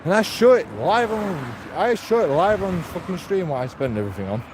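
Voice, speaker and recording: A blunt man rambles and swears his way through a walking vlog, his voice sitting a little high for a man. He talks into a handheld phone outdoors, and the street noise comes through clearly behind him. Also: big pitch swings, brisk. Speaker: streamer. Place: outdoors on a walk.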